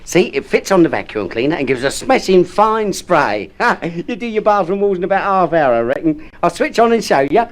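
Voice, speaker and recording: A matey neighbour in a 1950s radio play, showing off his gadgets with easy laughs. His voice is slightly high and full of lively ups and downs. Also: moderate pace, few pauses. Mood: chummy. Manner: chummy, boastful, laughs easily. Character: matey Cockney neighbour, handyman show-off.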